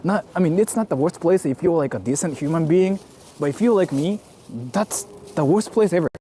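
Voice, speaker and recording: A man live-streaming outdoors on a city street, chatting casually in an excitable, self-mocking way and swearing freely, recorded on a handheld camera. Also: fairly high pitch, fairly quick, a little hiss or hum. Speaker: IRL streamer.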